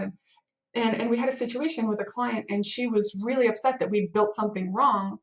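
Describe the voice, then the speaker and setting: A woman's voice: fairly high pitch, normal speed. Chatty woman with a slightly dull sound. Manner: rambling, lots of fillers and acted-out inner panic. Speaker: head of a web development team. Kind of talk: casual advice talk to camera.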